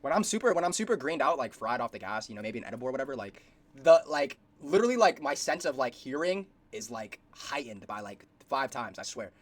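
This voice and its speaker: Fast-talking young man reacting. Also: mid-range voice, big pitch swings. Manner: rambling, slangy, lots of fillers and swearing. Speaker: streamer reacting to a video. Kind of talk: casual reaction commentary.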